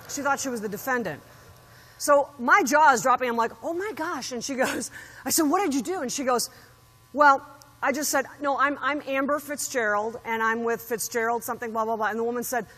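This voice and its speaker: Animated woman keynote speaker in a hall. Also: a little high, brisk. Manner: animated storyteller acting out quotes. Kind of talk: motivational keynote speech. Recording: hall reverb.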